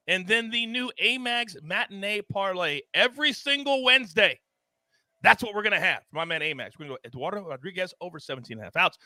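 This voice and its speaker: A man hosting a sports betting show, animated and theatrical, swinging his voice up and down for emphasis. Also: no room sound, studio quality. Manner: animated and theatrical, big swings in pitch and volume. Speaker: host.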